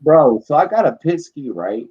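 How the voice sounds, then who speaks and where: A man hosting a casual late-night live stream, drinking and telling rambling, profane, animated stories. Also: on the high side, moderate pace, husky. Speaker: podcast host. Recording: dull lo-fi stream audio.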